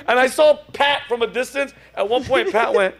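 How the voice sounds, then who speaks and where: A middle-aged man hosting a comedy podcast, telling an animated story full of laughter and acted-out quotes. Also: very high voice, moderate pace.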